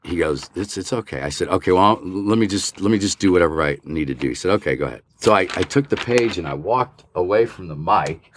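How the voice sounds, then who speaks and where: A man's voice: low voice, fairly quick, slight background noise. An older man, a voice actor, telling an anecdote in a casual interview and acting out the lines he quotes. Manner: animated, acts out quoted dialogue. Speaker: voice actor guest.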